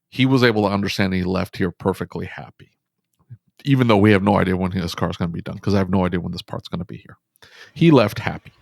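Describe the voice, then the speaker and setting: Emphatic man, low register, dry close mic, quick bursts, shop-owner guest. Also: creaky, no room sound. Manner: animated, emphatic, talks fast in bursts. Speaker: auto repair shop owner, podcast guest. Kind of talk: casual storytelling conversation.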